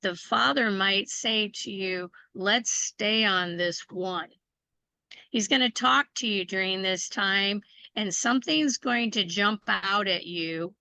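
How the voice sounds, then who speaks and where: A woman co-leading a faith course, reading a covenant aloud and encouraging listeners in a slow, deliberate way. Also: mid-range voice, vocal fry, pushed and bright, no room sound, rough recording. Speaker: ministry co-teacher.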